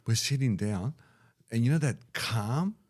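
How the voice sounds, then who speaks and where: A man's voice: mid-range voice, unhurried. A middle-aged Australian man hosting a podcast, telling funny stories and acting out the quotes with gusto. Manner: animated anecdote teller, acts out quotes loudly. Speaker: podcast host. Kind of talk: casual chat, storytelling.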